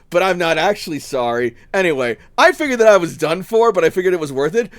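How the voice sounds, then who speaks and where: A man's voice: sits high, no echo. A male streamer giving casual, rambling commentary over a game and telling jokey stories. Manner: animated, joking rambling storyteller.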